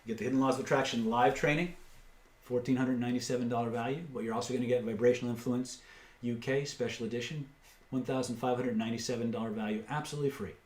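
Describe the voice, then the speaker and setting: A man hosts a live webinar to sell course packages, reading out prices and fielding chat questions with blunt asides. He talks fast in a steady tone, and the room sounds echoey.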